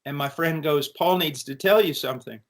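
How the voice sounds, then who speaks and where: A middle-aged American man giving an earnest, animated personal testimony in conversation, with frequent restarts. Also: fairly high pitch, fairly quick. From United States. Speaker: interview guest.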